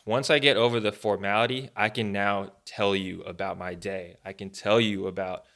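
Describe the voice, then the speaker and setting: A man's voice: fairly low pitch, moderate pace. A man co-hosting a podcast, talking casually about faith and prayer with many fillers and restarts. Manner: rambling, animated, many fillers. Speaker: podcast co-host.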